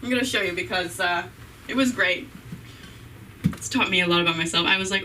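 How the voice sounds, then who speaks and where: A woman's voice: lowish voice, steady tone, fast talker, sharp tone, distant mic, low-quality recording. A woman doing stand-up comedy at an open mic night, rambling and giggling at her own jokes in a self-deprecating way. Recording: off-mic voice with faint room noise.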